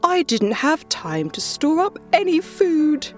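A woman's voice: high voice, very animated, slow, faint music behind, voice pushed up, heavily acted. A woman voicing a carefree male grasshopper in a storybook reading, whining about having no food.

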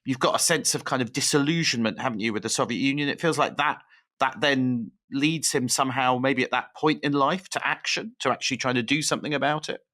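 A man's voice: medium pitch, a little fast, sharp tone. A man co-hosting a history podcast, summing up points and asking thoughtful questions. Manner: thoughtful, summarizing questions to his co-host. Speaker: podcast co-host.

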